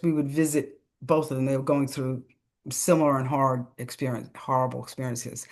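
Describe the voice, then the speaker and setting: Low-voiced woman telling a story. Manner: animated, acts out quoted voices, laughs between phrases. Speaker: podcast guest, author. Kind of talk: casual storytelling interview.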